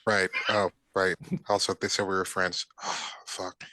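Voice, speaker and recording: A man playing in a tabletop game, speaking hesitantly with pauses. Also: sits low, sharp tone. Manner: hesitant, slow. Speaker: player. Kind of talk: casual tabletop play.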